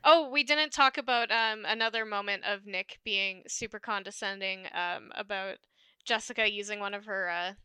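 A woman's voice: mid-range voice, normal speed, sharp tone, smooth, no echo. A woman co-hosting a podcast in casual chat, emphatic and prone to repeating her phrases. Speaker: podcast co-host.

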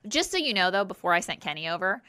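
Woman, casual chat, chatty, lots of fillers, smooth crisp voice, dry close sound. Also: mid-range voice, sing-song, fast talker, sharp tone, no room sound. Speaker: co-host, property manager.

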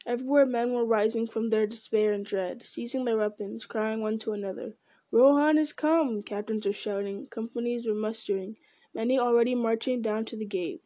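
A woman reading an audiobook in a measured narrating voice, with occasional slips. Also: a little high, fairly even intonation, dark tone.

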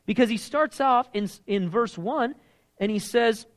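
A man preaching a sermon with a high voice that climbs as he gets fired up. He is emphatic and animated and sounds middle-aged. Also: a little slow. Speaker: pastor.

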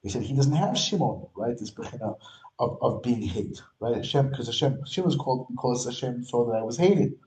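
A man teaches a religious text line by line, with a dark, mellow voice. He explains as he goes and often backs up to restart a phrase. The sound carries a noticeable room echo. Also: medium pitch, animated, fairly quick. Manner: explains and restarts, mixing Hebrew terms into English. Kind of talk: textual study lesson.

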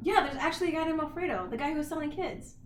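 A woman's voice: high voice, very fast, echoey room, noisy background. A woman co-hosting a casual podcast, retelling a story in a rambling way full of likes and ums. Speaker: podcast co-host. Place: apartment.

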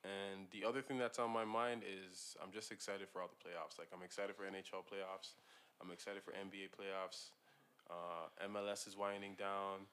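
A man co-hosting a casual sports podcast, easygoing and upbeat, giving shout-outs. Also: low-pitched, level tone, normal speed, clean tone. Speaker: podcast co-host.

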